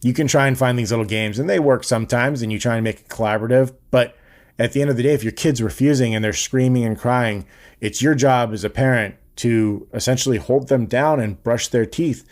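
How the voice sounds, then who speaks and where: A man's voice: medium pitch, brisk. A young man hosting a podcast, giving blunt, earnest advice in a casual monologue and swearing freely. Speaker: podcast host.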